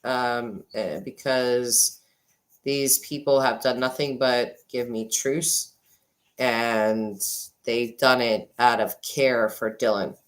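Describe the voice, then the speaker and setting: A woman's voice: very deep voice, slow. A woman in her forties hosting a casual livestream chat, thanking viewers and talking at a desk microphone. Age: 40s. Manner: chatty, thanking viewers, swings between excited and subdued. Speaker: livestream host. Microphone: desk microphone, sometimes glitchy.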